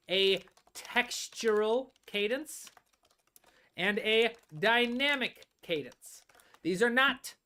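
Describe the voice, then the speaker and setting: With a lowish, fairly bright voice, this live-stream teacher walks through music composition one step at a time. She tends to stretch words out while thinking and keeps asking "all right?".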